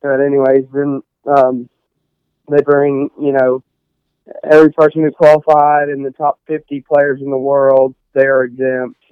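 Young man, smooth rambling voice. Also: medium pitch, level tone, a little slow, no echo, narrow, tinny audio. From Texas. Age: young adult. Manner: rambling, many fillers and restarts. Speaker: guest, college golfer. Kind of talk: casual interview chat.

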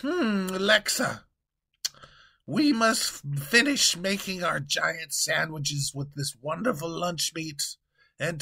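A man voicing a pompous, gluttonous male king who commands loudly and yells when crossed, in a comedic audio story. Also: on the high side, vocal fry, heavily acted. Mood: scheming. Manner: blustery, commanding, prone to yelling.

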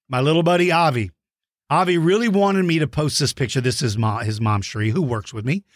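A man hosting a dinosaur show for kids, giving playful, enthusiastic shout-outs to young fans. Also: fairly high pitch, no room sound, studio quality. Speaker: host of a kids' dinosaur show.

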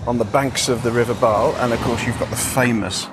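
A man's voice: medium pitch, steady tone, fairly quick. A man co-hosting a podcast, chatting in an easygoing way with fillers while driving. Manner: easygoing, agreeable, hesitant fillers. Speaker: podcast co-host. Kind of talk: casual chat on a drive. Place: in a car. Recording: road noise behind the voice.

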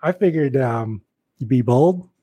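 Husky guy telling his story, doing little voices for everyone he quotes, casual interview. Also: mid-range voice, unhurried, no echo. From Portland, Oregon. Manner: animated anecdotes, acts out quoted voices. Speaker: actor, guest.

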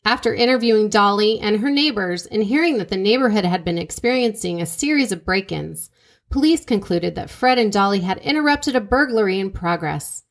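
Woman, podcast co-host, true crime storytelling, medium pitch, measured delivery. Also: expressive. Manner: reads a case aloud in a measured, dramatic way.

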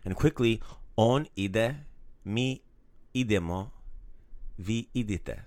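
A man hosting a casual language lesson, animated and playful, teasing his co-host and praising each repeat. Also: lowish voice, slow, no room sound.

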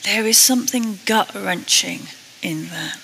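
A British woman preaching a sermon, earnest and a little self-deprecating, slowing down to read scripture. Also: medium pitch, creaky, pushed and bright, long reverb tail, slight background noise, poor audio. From Britain.

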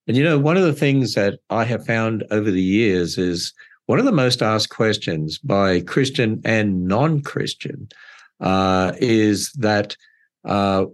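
An older man with an Australian accent, a guest on a podcast, answering at length with many "uh"s. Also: lowish voice. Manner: rambling with many fillers. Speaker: guest author. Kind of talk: podcast interview.

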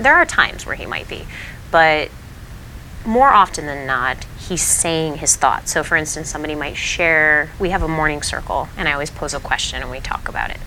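A woman's voice: sits low, expressive, brisk, sharp tone, slight background noise, rough recording. A woman kindergarten teacher talking in a casual interview, earnest and heartfelt, with many fillers and restarts. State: tearful at times.

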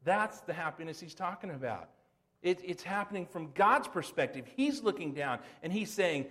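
A middle-aged pastor preaching a sermon in a folksy, conversational way. He tosses rhetorical questions and homely asides to the congregation. His man's voice sits on the higher side. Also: lively intonation, moderate pace, fairly bright tone.

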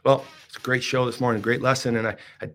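A man hosting a devotional podcast, telling a story dramatically and swinging from hushed whispers to loud pleading. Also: medium pitch, little pitch movement, fast talker. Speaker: podcast host.

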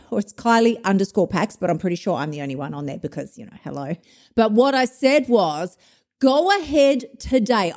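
A woman's voice: medium pitch, a little mellow. A woman hosting a podcast as an emotional eating coach, giving a blunt, profane, fired-up tough-love pep talk. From Australia. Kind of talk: motivational podcast monologue.

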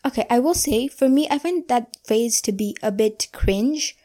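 A young woman talks through a solo podcast episode in an earnest, reflective voice. Her tone is mellow and a touch high, and she slows down to lean on the phrases that matter to her. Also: animated. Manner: earnest and reflective, slowing down to stress key phrases. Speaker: podcast host. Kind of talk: casual solo podcast monologue.

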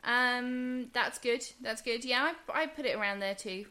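A woman's voice: on the high side, unhurried, bright, forceful tone. A woman with a Southern English accent co-hosting a podcast in chatty, casual talk. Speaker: podcast co-host. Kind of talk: casual chat.

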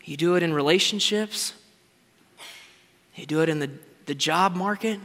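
A man preaching a sermon with passion, moving between loud exclamations and quiet asides. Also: fairly high pitch, moderate pace. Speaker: pastor. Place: large church hall. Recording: long hall reverb with faint music.

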